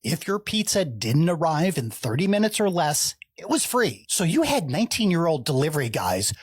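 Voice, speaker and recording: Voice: mid-range voice, big pitch swings, moderate pace, slightly rough, no echo, studio quality. A narrator telling a story in a wry, incredulous voice-over.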